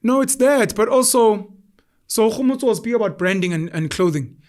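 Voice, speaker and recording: A man's voice: sits high, lively intonation, a little fast, a little mellow. A young South African man hosting a podcast, telling stories animatedly and acting out quoted voices. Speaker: podcast host. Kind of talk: casual conversation.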